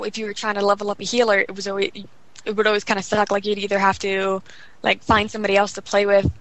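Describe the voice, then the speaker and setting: Young adult woman, casual guest, fast rambling delivery full of fillers. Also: medium pitch, a bit bright, rough recording. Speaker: guest gamer. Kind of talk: casual chat.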